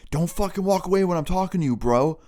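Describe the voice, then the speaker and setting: A man acting out an aggressive teenage male dealer who yells profane threats. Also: high voice, lively intonation, fast talker, pitched above the performer's own voice. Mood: angry, threatening.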